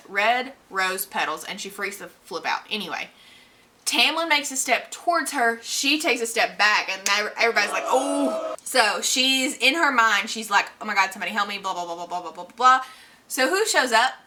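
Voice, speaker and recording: A woman's voice: medium pitch, expressive, normal speed, sharp tone. A woman recapping books she has read in a casual vlog, chatty and rambling, with lots of fillers. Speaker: book vlogger.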